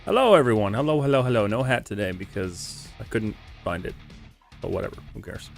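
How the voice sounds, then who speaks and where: A man's voice: fairly low pitch, expressive, brisk, creaky. A man chatting casually on a live stream, rambling and joking while reading chat aloud. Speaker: livestreamer. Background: music playing on stream.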